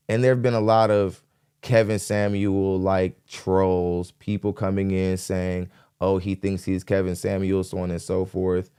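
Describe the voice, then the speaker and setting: A man hosting a live podcast stream, giving energetic shout-outs to viewers and then talking plainly to them. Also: low voice, clear, resonant tone, no room sound, studio quality. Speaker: podcast host. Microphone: dynamic studio mic. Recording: hip hop music underneath.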